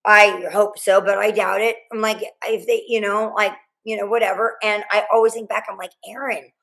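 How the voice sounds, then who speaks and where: A middle-aged woman being interviewed, recounting a frightening night in a rambling, halting way, full of restarts and quoted dialogue. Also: mid-range voice, level tone, gravelly, a bit bright, rough recording. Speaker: guest, mother of a murdered student. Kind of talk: emotional interview storytelling.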